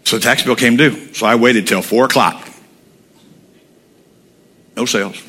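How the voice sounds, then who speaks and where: Male pastor, bright edgy tone, animated storytelling sermon delivery. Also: medium pitch, unhurried, slightly rough. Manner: animated, humorous storytelling, blunt.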